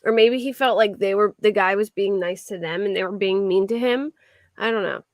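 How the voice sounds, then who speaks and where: A woman's voice: mid-range voice, normal speed, dry recording, clean studio sound. A woman hosting a true crime livestream, chatting casually with viewers in a rambling way, full of restarts. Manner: rambling, restarts and filler words. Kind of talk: casual chat reacting to viewer comments.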